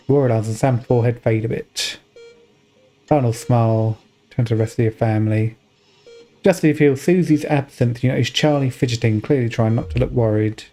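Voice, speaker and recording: A man's voice: mid-range voice, steady tone, brisk, soft background music. A man streaming a game, reading its text aloud and reacting in a casual, wry way. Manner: casual, wry, reads choices out loud.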